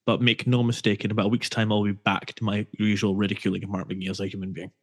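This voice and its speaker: A man's voice: fairly low pitch, little pitch movement, quick pace, slightly rough. A man co-hosting a football podcast, trading dry, wry banter. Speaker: podcast co-host.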